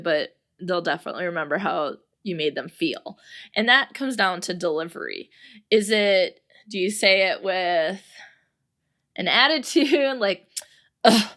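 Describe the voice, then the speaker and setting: Bright-voiced chatty woman podcaster. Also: mid-range voice. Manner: chatty and upbeat, laughs often, quotes articles. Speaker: podcast host. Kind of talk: solo podcast talk on friendship.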